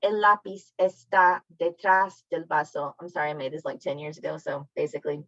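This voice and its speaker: Woman teaching spanish on a video call, kinda low voice, dull dry lo-fi sound, chatty and friendly. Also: steady tone, brisk, a bit bright, dry recording. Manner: friendly, apologetic, chatty explaining. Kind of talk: online class lesson.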